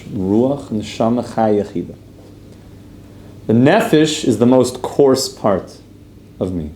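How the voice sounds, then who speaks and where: A man's voice: mid-range voice, mellow. A man teaching a casual religious class, asking his group questions and talking in a loose, chatty way. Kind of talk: casual Torah class with storytelling. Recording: roomy echo, faint room noise.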